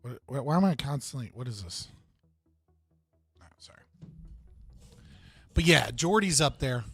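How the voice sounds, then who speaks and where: A man's voice: medium pitch, lively intonation, unhurried, a bit bright, breathy edge, faint music behind. A man hosting a live stream, reacting casually and bluntly, swearing and laughing while answering his chat. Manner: blunt, profane, laughs often, talks to chat.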